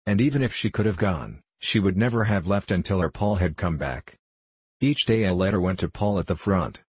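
A man narrating a storybook in a steady, solemn reading manner. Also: sits low, moderate pace, slightly rough, dry recording.

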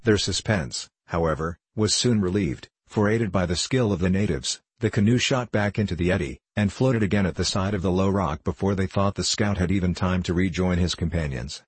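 A man narrating a classic adventure novel in a steady, measured reading. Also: sits low, slightly rough, no room sound. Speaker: audiobook narrator.

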